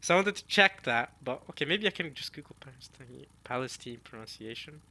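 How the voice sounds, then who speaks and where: A man reading a manga chapter aloud and reacting in casual chat, talking to his viewers and musing out loud. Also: medium pitch, lively intonation, fairly quick, slightly rough. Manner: chatty, addresses viewers as y'all, muses aloud.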